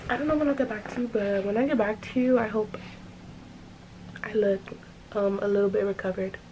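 A young woman rambles through a casual vlog in her bedroom, filling her talk with "like." Her voice is mellow and a bit stuffy from allergies. A faint hiss sits behind her. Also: medium pitch, vocal fry, rough recording. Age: young adult. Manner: rambling, chatty, heavy use of "like". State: stuffy from allergies and a runny nose. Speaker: vlogger. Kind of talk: casual vlog chat to camera. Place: bedroom at home.

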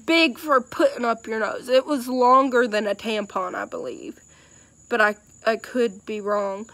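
A woman's voice: a little high, a little slow, fairly bright tone, dry recording. A young woman telling a personal story in a casual, rambling way with many fillers and hesitations.

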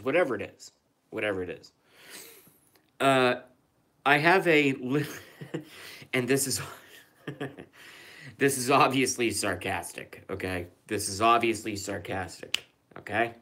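A man's voice: medium pitch, lively intonation, unhurried, long pauses, fairly bright tone. A man chatting casually on his live stream, rambling, sarcastic and profane, often repeating himself.

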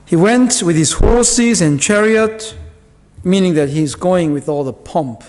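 A man's voice: sits high, measured pace, darkish tone, slight background noise. A male pastor preaching a sermon in a church, explaining Bible verses in a conversational way with asides and fillers. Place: church hall. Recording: long church reverb.

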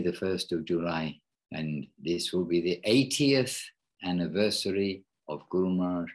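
A man hosting an informal devotional class online, speaking haltingly and rephrasing himself mid-sentence. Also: low-pitched, fairly bright tone, slightly rough, low-quality recording. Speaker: class host.

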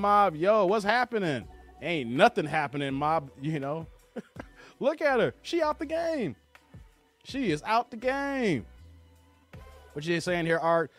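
A man hosts a live stream, laughing and teasing while he reads the chat. His voice sits fairly high and swings widely in pitch. Faint music plays behind him. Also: a bit bright. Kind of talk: casual live stream commentary.

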